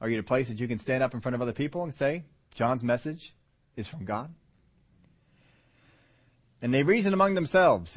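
A man delivers a sermon in a slightly high voice. He preaches with lively energy and keeps asking his listeners rhetorical questions. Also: normal speed. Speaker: pastor.

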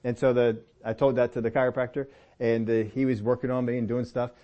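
A middle-aged man preaching a sermon, telling personal stories in a relaxed, conversational way and often rising in pitch to press a point. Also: fast, highs cut off. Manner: conversational storytelling with lively pitch swings and laughs. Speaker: pastor.

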